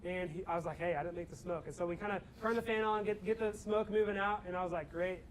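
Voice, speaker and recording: A young man telling a lively story to a student audience and turning it into a lesson about faith. He acts out his own lines, raising his voice at the funny parts. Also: high voice, fast, a little hiss or hum, poor audio. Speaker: campus ministry speaker.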